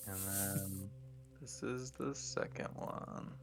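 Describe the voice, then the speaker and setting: A man as game master, chatting casually with low-key, quiet asides. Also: slow pace, music in the background. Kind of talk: casual chat.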